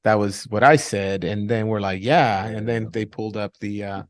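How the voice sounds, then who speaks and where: A man's voice: on the low side, fairly even intonation, moderate pace, no echo. A man co-hosting a podcast, steering the talk in an easygoing way with many fillers. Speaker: podcast co-host. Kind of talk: casual podcast banter.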